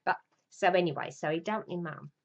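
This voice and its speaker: Gravelly chatty London woman. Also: on the low side, fairly quick. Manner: chatty, rambling, swears, acts out voices. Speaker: storyteller. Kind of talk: casual reminiscing monologue.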